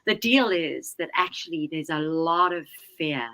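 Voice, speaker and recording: A woman telling a story in a casual talk, lively and animated, swearing freely and acting out what people said. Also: sits low, unhurried, low-quality recording. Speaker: guest, Enneagram teacher.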